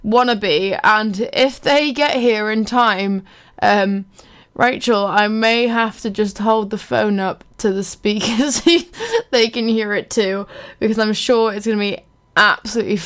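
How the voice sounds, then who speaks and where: A woman's voice: medium pitch, fairly even intonation, a little slow, fairly bright tone. A woman presenting a local radio show, chatting casually between songs, giggly and rambling with many fillers.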